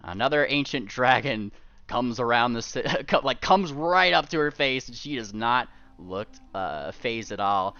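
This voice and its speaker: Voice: medium pitch, animated, a little slow, pushed and bright, clean tone, no room sound, highs cut off. A game master narrating a tabletop game who laughs often and stumbles over restarts.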